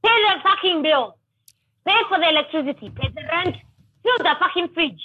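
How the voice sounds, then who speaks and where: A woman's voice: extremely high pitch, lively intonation, normal speed, dry recording, highs cut off. A woman calling in as a guest on a casual podcast chat, blunt and outspoken, swearing freely. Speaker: guest on the phone.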